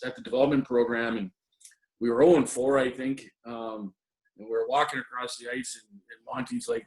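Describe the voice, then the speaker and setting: A man's voice: mid-range voice, fairly even intonation, brisk. A middle-aged man, a former assistant hockey coach, reminiscing in an interview with many ums and restarts. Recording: roomy echo.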